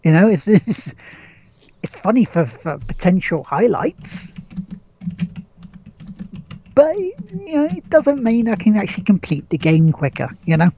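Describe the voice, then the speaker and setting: A man's voice: sits high, big pitch swings, normal speed, vocal fry, mellow, lo-fi sound, slight background noise. A man hosting a podcast, chatting casually about games, rambling with lots of restarts, casual swearing and chuckles. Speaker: podcast host. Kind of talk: casual gaming chat.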